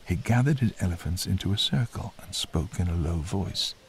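A man narrating a children's storybook in a gentle, expressive way. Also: low voice, normal speed, a little hiss or hum.

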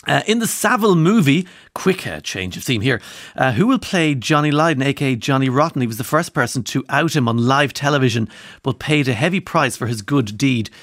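A man's voice: mid-range voice, animated, brisk, fairly bright tone, no echo. An Irish man presenting a radio show from a studio, chatting casually with rambling asides and self-deprecating humour while reading out listener texts. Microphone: studio microphone.

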